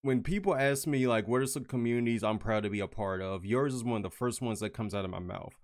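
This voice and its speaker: A man co-hosting a stream, reading out viewer questions in relaxed, chatty talk. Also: medium pitch, fast. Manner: lively, chatty, relaxed, with fillers. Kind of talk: casual chat.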